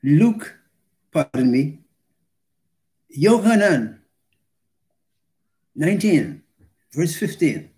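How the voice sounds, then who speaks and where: A man delivers a sermon in a slightly raised voice, measured and unhurried. He pauses between short phrases and leans on key words for emphasis. He reads scripture aloud with deliberate weight. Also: a little high, big pitch swings, warm tone. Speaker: preacher.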